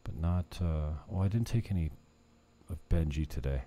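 The vlogger's voice is rumbling low and dark, animated yet at a moderate pace. He rambles casually to camera, frequently abandoning a thought mid-way to chuckle at his own asides.

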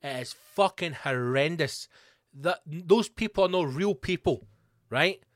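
A Glasgow-accented podcast host rants alone, sweary, sarcastic and rambling. His voice is on the high side and unhurried, recorded in clean studio sound with no echo.

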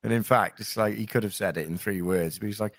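A male voice actor and impressionist, talking in a lively, self-interrupting way during a casual interview. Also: lowish voice, quick pace, dry recording.

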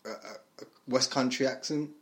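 Man, co-host, medium pitch, slangy, casual, filler-heavy. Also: flat delivery, brisk. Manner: loose, slangy and chatty, with fillers. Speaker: podcast co-host. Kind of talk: casual chat.

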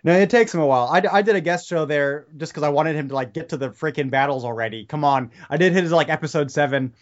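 A man's voice: fairly high pitch, fast. A man chatting on a podcast in a rambling, tangent-heavy way, often restarting his sentences. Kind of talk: casual podcast chat. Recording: slightly dull lo-fi podcast audio.

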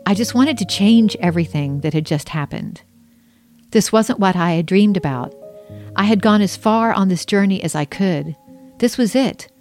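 A woman's voice: medium pitch, lively intonation, moderate pace, a little mellow, faint music behind. A woman reading her own memoir aloud, telling her story in an earnest, emotional first-person way.

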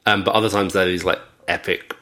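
A man's voice: deep voice, flat delivery, fairly quick, bright, forceful tone. A man co-hosting a podcast, chatting casually and rambling through stories with many fillers. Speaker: podcast co-host. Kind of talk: casual chat.

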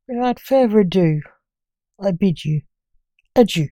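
A woman's voice: medium pitch, expressive, a little slow, warm tone, dry recording. A woman hosting her own story podcast, narrating with theatrical sign-offs.

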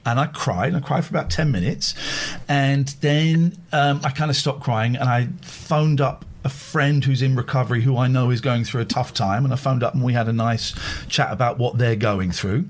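Husky, emotional man. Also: mid-range voice, normal speed. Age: middle-aged. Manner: open, emotional, rambling. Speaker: host. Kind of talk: casual chat.

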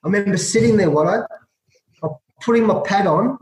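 A middle-aged Australian man with a fairly high voice, recounting his cricket days with relish. He acts out the dialogue and laughs as he goes. His voice rings with a roomy echo. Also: fairly quick. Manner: lively anecdotal, acts out dialogue, laughs often. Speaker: guest, former test cricketer. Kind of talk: storytelling interview.

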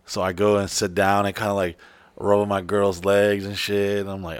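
A man's voice: lowish voice, flat delivery, moderate pace, clear, resonant tone, dry recording. A man telling a crude story in casual chat, profane and rambling, full of fillers and restarts.

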